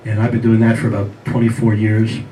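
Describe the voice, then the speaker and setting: A man in his sixties performs a self-mocking stand-up set, chatting directly with the audience in a fast, monotone delivery. His voice is fairly low with a dark tone. The live venue recording sounds roomy and distant, with audible crowd ambience.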